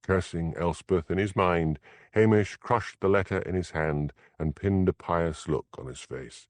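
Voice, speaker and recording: A man reading an audiobook mystery as narrator, in measured, expressive storytelling. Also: sits low, dry recording. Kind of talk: scripted narration.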